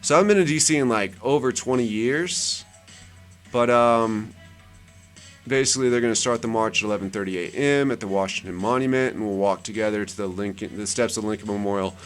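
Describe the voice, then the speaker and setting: A man's fairly low voice moves a little fast over faint background music as he hosts his channel. He chats casually while scrolling web pages, rambling and repeating words to make a point.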